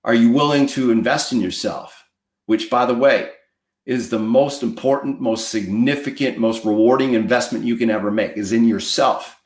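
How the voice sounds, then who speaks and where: A man's voice: medium pitch, moderate pace. Emphatic male motivational coach, echoey room. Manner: emphatic, preachy, repeats for effect. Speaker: mortgage marketing coach. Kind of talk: motivational talk.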